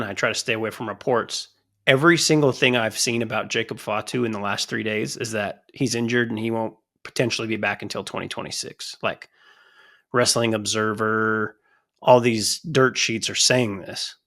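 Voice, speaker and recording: Casting: male podcast co-host, gravelly texture, animated and profane delivery. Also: on the low side, normal speed. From United States. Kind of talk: casual chat.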